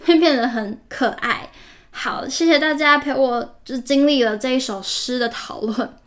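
A woman's voice: sits high, normal speed, a bit bright. A woman hosting a podcast, reading a storybook aloud and explaining it in chatty asides. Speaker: podcast host.

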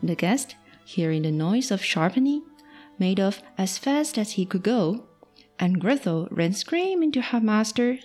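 A woman volunteer storyteller reading a fairy tale aloud to children in a slow, expressive read-aloud. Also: medium pitch, faint music behind.

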